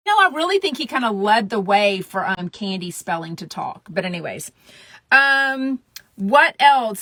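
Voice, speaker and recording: A woman's voice: fairly high pitch, lively intonation, normal speed, sharp tone, dry recording. A woman, hosting a casual gossip podcast in a chatty, blunt, profane way, sometimes dropping to a whisper. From Texas. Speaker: podcast host.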